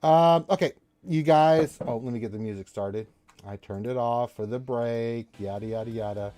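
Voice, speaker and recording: A man's voice: mid-range voice, normal speed, mellow, no room sound, soft background music. Tipsy, joking male game master. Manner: loose, joking, rambling with fillers. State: a bit tipsy. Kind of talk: running a tabletop game, casual chat.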